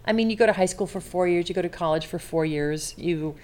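A woman in her forties, a longtime television host, chatting as a guest and telling stories in a lively way, acting out the people she quotes. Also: fairly low pitch, fast talker. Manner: animated storyteller, acts out quotes. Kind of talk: casual chat.

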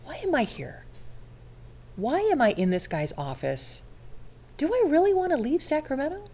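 A woman in her forties, a longtime television host, chatting as a guest and telling stories in a lively way, acting out the people she quotes. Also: high-pitched, normal speed. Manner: animated storyteller, acts out quotes. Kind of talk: casual chat.

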